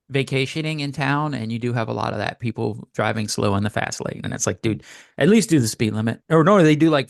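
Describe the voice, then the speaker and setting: Male podcast co-host, gravelly edge, dry close sound, chatty and teasing. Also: mid-range voice, dry recording. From Louisiana. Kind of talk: casual chat.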